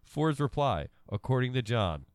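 A man's voice: mid-range voice, sing-song, moderate pace, smooth, dry recording. A man co-hosting a casual podcast, chatting and reading an article aloud between laughs. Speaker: podcast co-host.

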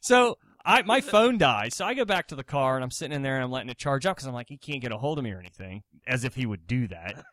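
A man's voice: medium pitch, fast talker, few pauses, dry recording, clean studio sound. A man co-hosting a casual comedy podcast, telling a rambling story and acting out the people in it. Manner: animated storyteller acting out quotes. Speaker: podcast co-host.

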